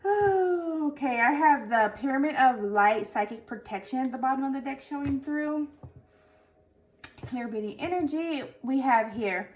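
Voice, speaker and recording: A woman with a slightly high voice giving a tarot and oracle card reading. She reads the card meanings aloud in a steady flow. Between readings her voice drops to quiet, murmured asides. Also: measured pace. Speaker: tarot reader.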